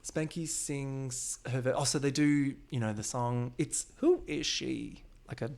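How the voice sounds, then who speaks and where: A man's voice: mid-range voice, expressive, gravelly, darkish tone. A man hosting a podcast, chatting casually and gossiping with a guest. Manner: gossipy, quick reactions. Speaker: podcast host. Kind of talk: casual chat recapping a reality show.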